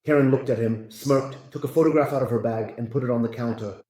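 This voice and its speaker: A man's voice: medium pitch, steady tone, fast, warm tone. Echoey man reading jokes. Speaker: joke narrator. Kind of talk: scripted joke reading.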